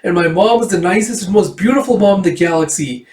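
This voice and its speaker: A man's voice: high-pitched, quick pace, darkish tone, recorded from a distance, voice pushed up, natural voice. A man voicing a mischievous, teasing young girl in a bubbly, sing-song voice. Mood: gushing. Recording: echoey room.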